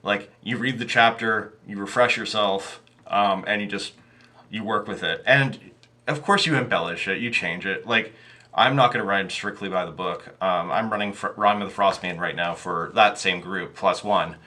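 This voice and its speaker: This podcast guest, a game master, has a fairly low, bright, forceful voice and talks at normal speed. In a casual interview he discusses running tabletop games, rambling with many fillers and restarts.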